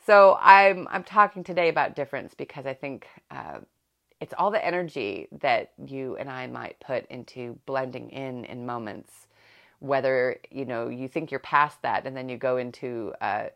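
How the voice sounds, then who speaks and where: Very low-voiced gravelly woman host. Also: normal speed, a bit bright. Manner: chatty, laughs often, many restarts. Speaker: podcast host. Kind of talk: reflective parenting podcast monologue.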